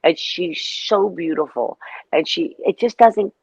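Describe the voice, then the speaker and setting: A woman's voice: on the low side, measured pace, gravelly, slightly rough, no echo, muffled recording. Middle-aged woman, chatty storyteller, casual interview guest, dry close mic. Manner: chatty, storytelling, animated asides.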